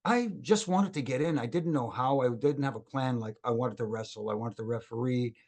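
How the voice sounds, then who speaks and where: Gravelly man telling stories. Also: mid-range voice, a little fast. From Canada. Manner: lively anecdotal storyteller who acts out quoted dialogue. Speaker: guest, former wrestling referee. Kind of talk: casual podcast storytelling.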